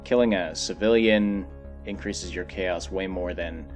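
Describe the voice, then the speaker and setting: A young man talks through his experience with a game, stopping and restarting as he searches for words. His voice sits on the lower side, with faint music under it. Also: unhurried. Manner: hesitant, restarting phrases. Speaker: guest. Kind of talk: casual game discussion.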